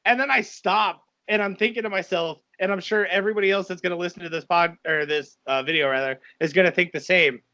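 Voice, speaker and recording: High, bright-voiced excitable man. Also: highs cut off. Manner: excitable, quick storytelling with many fillers. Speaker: podcast co-host. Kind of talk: casual wrestling review chat.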